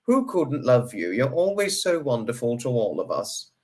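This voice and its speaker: A man's voice: very animated, moderate pace, darkish tone. Gushing man hosting a livestream. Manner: effusive, gushing, repeats greetings over and over; pitch swings up and down sharply. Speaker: livestream host. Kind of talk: livestream chat greeting viewers.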